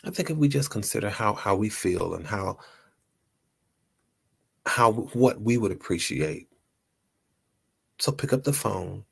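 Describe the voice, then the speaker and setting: A man's voice: fairly low pitch, expressive, a little slow, creaky, pauses often, breathy edge. A man hosting a motivational talk, earnest and repeating his phrases for emphasis. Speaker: host.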